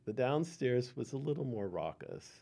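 An older man telling stories from his past in an oral history interview, unhurried with many ums and chuckles. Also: mid-range voice, very animated, vocal fry, dark tone. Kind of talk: reminiscing storytelling.

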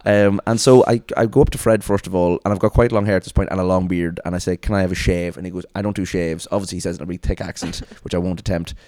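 A man hosting a podcast, telling a long anecdote in casual chat, animated and quick, slipping into put-on voices for the people he quotes. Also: low-pitched, dry recording, clean studio sound. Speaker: podcast host.

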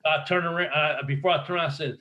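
A man's voice: on the high side, fairly even intonation, very fast, echoey room, lo-fi sound. A man, a former pro wrestler, telling rambling, profane anecdotes in a casual interview and acting out quotes.

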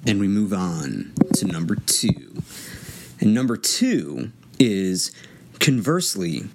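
A man reading a numbered list of tips aloud and adding plainspoken, quick asides between them. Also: lowish voice, very animated, vocal fry, very noisy.

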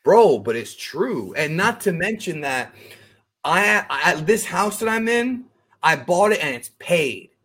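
A man's voice: high voice, sing-song, unhurried, fairly bright tone, breathy edge. A man talking as a guest on a podcast, speaking frankly and earnestly, with casual slang and many restarts.

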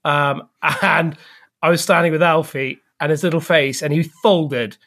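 A man guest in casual podcast chat, telling a story in a laid-back, halting way. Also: a little high, steady tone, a bit bright.

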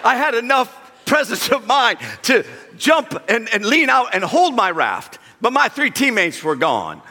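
A man preaching a sermon and telling a comic personal story, animated, jumping from shouts to a low, quiet tone. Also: measured pace. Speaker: pastor. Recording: long hall reverb.

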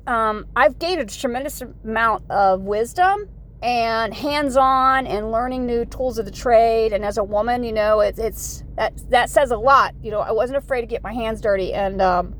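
A woman's voice: fairly high pitch, normal speed, a little hiss or hum. A woman in her forties from the United States, talking in a rambling, folksy vlog monologue full of "you know" asides. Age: 40s. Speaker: vlogger.

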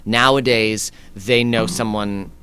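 A man, an actor guest, telling lively anecdotes in a conversation, acting out what people said. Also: on the low side, slow, slight background noise. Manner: lively anecdotes with acted-out quotes and laughs. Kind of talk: animated storytelling in conversation.

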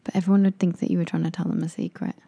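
A woman with a lowish, gravelly voice chats easily as a podcast co-host. She is playful, laughs often and slips into silly acted-out scenes. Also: very animated, racing, dark tone. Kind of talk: casual chat.

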